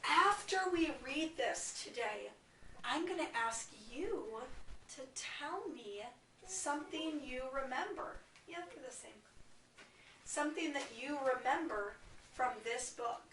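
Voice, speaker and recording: Slow, coaxing kindergarten teacher. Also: female voice, high voice, animated, a bit bright, a little hiss or hum. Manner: slow, clear, coaxing teacher talk to small children. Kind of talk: classroom read-aloud lesson. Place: classroom. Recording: echoey classroom, far from the camera mic.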